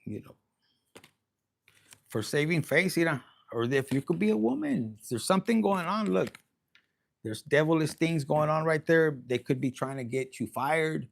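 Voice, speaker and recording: Man, tarot reader, raised pitch, creaky fry, rambling bawdy humor. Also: animated, moderate pace. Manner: rambling, bawdy, joking, drops into Spanish. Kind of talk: casual tarot reading to camera.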